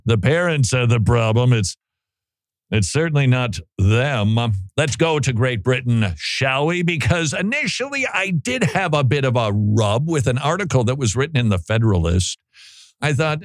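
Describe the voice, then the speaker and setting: A man's voice: mid-range voice, normal speed, no room sound. Male show host, biting sarcastic commentary, dry close studio sound. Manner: sarcastic, mocking, animated. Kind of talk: opinionated commentary.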